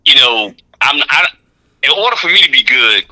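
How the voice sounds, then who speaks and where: A man's voice: mid-range voice, moderate pace, poor audio. A middle-aged man, a comedian, chatting casually on a podcast and acting out voices from his stories. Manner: animated, acts out crowd and director voices.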